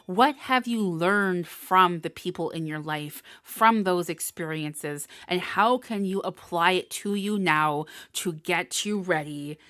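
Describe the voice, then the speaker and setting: A woman's voice: fairly low pitch, slow, hardly any pauses, fairly bright tone, dry recording. A woman giving a live tarot reading, emotional and encouraging, often laughing. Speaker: tarot reader. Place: indoors, live stream.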